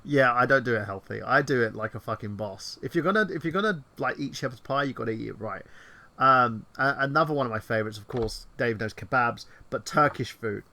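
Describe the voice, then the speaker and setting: A man co-hosting a casual online chat show, rambling excitedly and swearing freely. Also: mid-range voice, fairly quick. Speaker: podcast co-host.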